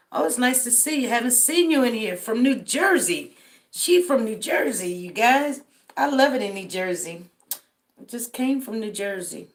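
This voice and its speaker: A middle-aged woman from Denver, tired, hosting a casual livestream and greeting viewers by name. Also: mid-range voice. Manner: greets viewers by name, drawls friendly shout-outs. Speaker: livestream host. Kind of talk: casual livestream roll call.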